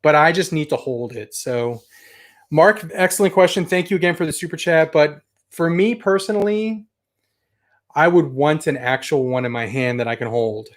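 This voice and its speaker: A man's voice: a little high, moderate pace. A young adult man casually chatting on a toy collecting livestream, rambling and enthusiastic as he reads viewer comments. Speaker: toy collector channel host.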